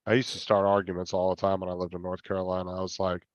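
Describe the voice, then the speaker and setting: A man's voice: low voice, completely flat delivery, fast, no room sound. A man in a casual livestream chat who argues his points and explains at length. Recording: dull, dry lo-fi audio.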